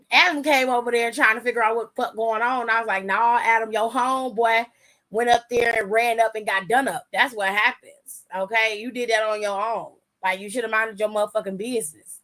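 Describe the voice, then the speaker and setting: A woman's voice: fairly high pitch, fairly bright tone. A woman hosting a wrestling aftershow, recapping the night in casual, profane talk and acting out the wrestlers' lines.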